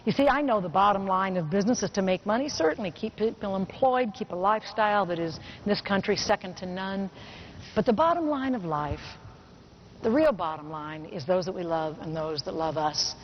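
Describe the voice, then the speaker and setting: A middle-aged woman giving a motivational keynote speech to a business audience, telling a personal story and slowing down to stress key points. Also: mid-range voice, animated. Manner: personal storytelling, slows down for emphasis. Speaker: motivational speaker. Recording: muffled recording with faint hiss.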